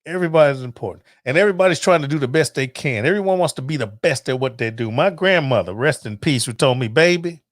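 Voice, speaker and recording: A man's voice: medium pitch, quick pace, few pauses, dry recording, clean studio sound. A middle-aged man, host of a cooking channel, ranting casually and profanely to camera. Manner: profane, animated, preachy.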